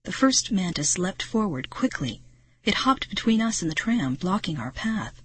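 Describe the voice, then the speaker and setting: A woman narrating a children's audiobook in a brisk, dramatic storytelling manner. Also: lowish voice, sing-song, husky. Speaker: audiobook reader.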